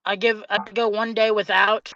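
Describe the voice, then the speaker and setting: A man's voice: high voice, level tone, moderate pace, gravelly, pushed and bright, highs cut off. A young man, a guest comedian, telling self-mocking stories in a rambling, casual way. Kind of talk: casual chat.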